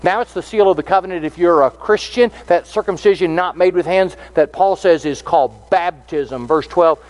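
A man's voice: high voice, normal speed, a little mellow. A man preaching a sermon, earnest and explanatory, reading out scripture verses as he teaches.

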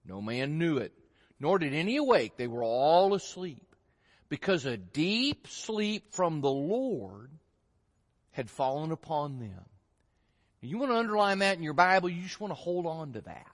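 A man's voice: fairly high pitch, big pitch swings, moderate pace. A man preaching an expository sermon, reading scripture aloud and acting out the voices of the story with animation. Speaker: pastor. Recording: long hall reverb.

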